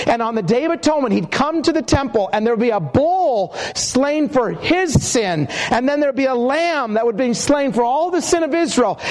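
A man preaching a sermon with emphatic, measured phrasing, sometimes slowing to draw out words and telling stories along the way. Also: extremely high pitch. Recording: long hall reverb.

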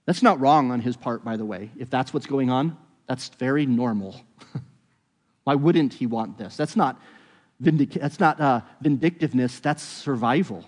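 A man preaching a sermon in a relaxed, conversational way, retelling a story with quoted dialogue. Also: mid-range voice, normal speed. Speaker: pastor. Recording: long reverb of a large hall.

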